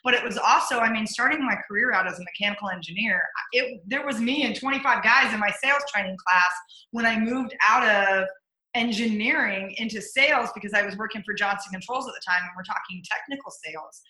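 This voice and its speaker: A middle-aged woman who works as a leadership coach and speaker appears as a guest in a casual interview, recounting career stories and acting out her own inner voice. Her mid-range voice is brisk and bright with a forceful edge. The room sounds echoey.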